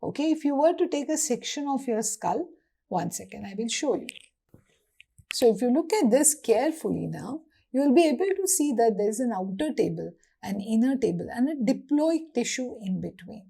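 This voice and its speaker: A woman's voice: fairly high pitch, normal speed, vocal fry, breathy edge. A woman with an Indian English accent teaching anatomy, asking questions and answering them herself. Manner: lively, asks and answers her own questions. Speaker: anatomy lecturer. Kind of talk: classroom lecture.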